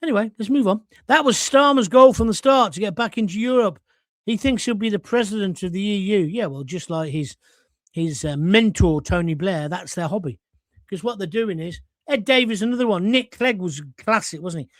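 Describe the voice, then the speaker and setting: A man's voice: high-pitched, moderate pace, no echo, clean studio sound. A middle-aged English man hosting his own political show, ranting bluntly with sarcastic asides. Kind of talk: opinionated live show monologue.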